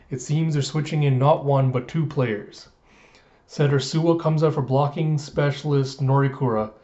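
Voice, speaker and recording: A man recapping a comic chapter in casual chat, rambling and hesitant with many pauses. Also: mid-range voice, warm tone, highs cut off. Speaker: manga reviewer.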